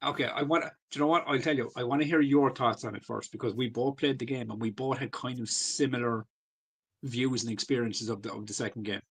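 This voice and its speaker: A man's voice: medium pitch, steady tone, fairly quick, a bit bright, husky. A man, co-hosting a podcast in loose, sweary casual chat full of fillers. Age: 40s. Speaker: podcast co-host.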